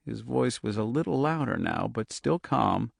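A man narrates an audiobook with steady, tense pacing. His voice sits in a middle register. The recording is dry and close, with no room sound. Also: medium pitch, normal speed, vocal fry, dry recording.

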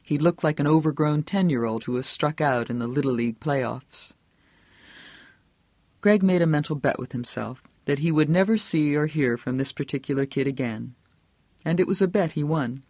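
A man reading a novel aloud as audiobook narrator, steady and measured. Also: on the high side, dry recording. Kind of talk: scripted narration.

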